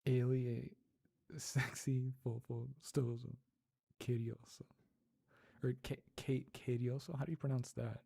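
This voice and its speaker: An ASMR livestreamer chatting casually with viewers, soft-spoken, curious and quick to giggle. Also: medium pitch, level tone, gravelly, breathy edge.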